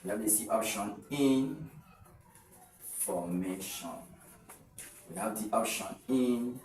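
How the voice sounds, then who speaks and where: Male tutor, steady board-side explainer, echoey room, mic set back. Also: on the low side, fast, distant mic, faint music behind. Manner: explaining step by step, repeats words, fillers. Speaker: English tutor. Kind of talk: exam-prep lesson.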